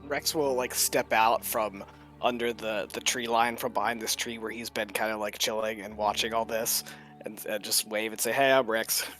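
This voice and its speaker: A man's voice: lowish voice, little pitch movement, moderate pace, bright, forceful tone, soft background music. A man player in a tabletop game, casually describing his character's entrance. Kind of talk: tabletop role-play.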